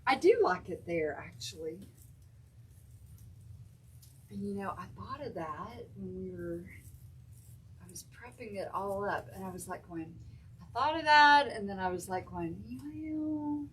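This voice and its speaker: A woman's voice: mid-range voice, lively intonation, unhurried, pauses often, slightly rough, low-quality recording. A woman hosting a casual craft stream, chatting and thinking aloud as she works. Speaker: craft show host. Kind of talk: casual craft livestream chat.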